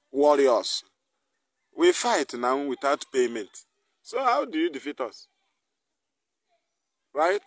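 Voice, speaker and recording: Mixing Igbo into his English, a man with a Nigerian accent runs a live online broadcast as an activist, hurling angry and mocking rhetorical questions. He has a mid-range voice, with no room sound.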